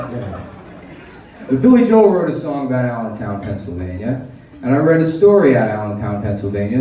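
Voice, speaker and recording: A man's voice: mid-range voice, far from the mic. Man doing crude stand-up in echoey club. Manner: crude sarcastic riffing, mocking voices. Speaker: stand-up comedian. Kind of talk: stand-up set.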